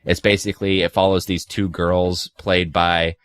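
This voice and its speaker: A man in his twenties with a very low voice chats loosely about movies on a podcast, piling up fillers and dropping sarcastic asides. The sound is dry and close, with no room around it. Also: flat delivery, moderate pace, fairly bright tone, dry recording. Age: 20s. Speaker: podcast co-host.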